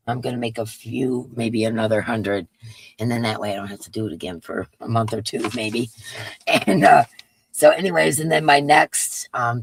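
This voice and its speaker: A woman with a deep, gravelly, husky voice and a stuffy, congested nose hosts a live stream, chatting casually and greeting her viewers one at a time.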